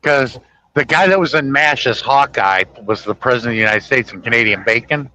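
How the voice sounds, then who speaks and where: A man's voice: mid-range voice, a little fast, sharp tone, poor audio. A man hosting a casual chat, retelling movie scenes in a rambling, self-correcting way. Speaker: host. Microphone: podcast microphone.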